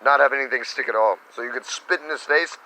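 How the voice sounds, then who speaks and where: A man teaching meditation in a casual spiritual talk, animated and slipping into little quoted voices. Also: mid-range voice, quick pace, a little hiss or hum, rough recording.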